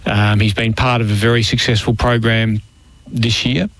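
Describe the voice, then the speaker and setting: Man, Australian accent, football pundit, measured, low pitch. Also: level tone. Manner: measured, analytical. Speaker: football commentator. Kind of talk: sports radio chat.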